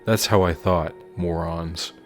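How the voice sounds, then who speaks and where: A man voicing an evil bloodied male puppet chef, speaking slowly in a deep, distorted voice. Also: gravelly, pushed and bright, soft background music, exaggerated voice. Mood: mocking.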